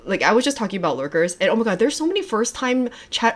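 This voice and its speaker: A young woman hosts a casual livestream from home, talking straight to her viewers. She gushes and gets excitable, with frequent swearing and many half-finished sentences she restarts. Her voice sits at an ordinary middle pitch for a woman. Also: fairly quick, hardly any pauses. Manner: gushing, excitable, swears often, trails off and restarts. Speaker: livestreamer reacting to music videos.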